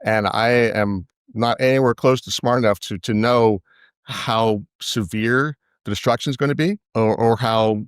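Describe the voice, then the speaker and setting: A man's voice: medium pitch, steady tone, unhurried, smooth, no echo, studio quality. A man giving interview answers as an investment analyst, thoughtful, often restarting his phrases. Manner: thoughtful, with frequent restarts and repetitions.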